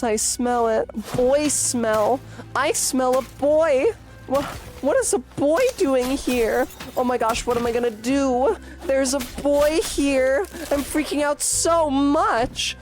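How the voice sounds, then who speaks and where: A woman's voice: high-pitched, slow pace, darkish tone, faint music behind, pitched above the performer's own voice. A woman voicing a swooning, boy-crazy young woman in a breathless, gushing, over-the-top way. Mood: giddy swooning.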